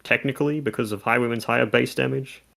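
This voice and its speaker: A man's voice: medium pitch, fairly even intonation, fast, vocal fry, a bit bright. A man co-hosting a casual video game discussion, talking through stats and mechanics in detail. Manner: analytical, talks through game numbers. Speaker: content creator co-host.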